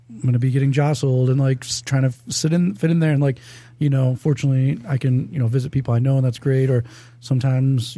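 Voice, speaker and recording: A man chatting in a relaxed, rambling way as a bartender guest. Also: medium pitch, no echo. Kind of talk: casual chat.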